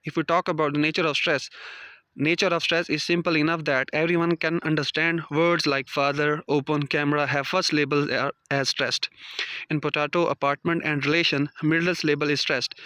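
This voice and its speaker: A man's voice: a little high, sharp tone, dry recording. A man teaching a lesson, reading out definitions and numbered points like a prepared lecture. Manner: reads out numbered points, non-native phrasing. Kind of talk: read-aloud lecture.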